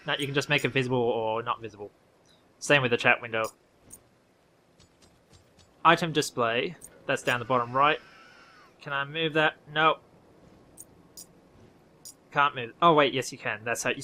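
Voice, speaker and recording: With long pauses between thoughts, an Australian man speaks at a normal speed in a sharp, mid-range voice. He hosts a gaming video and offers rambling, offhand remarks on a game update, correcting himself along the way.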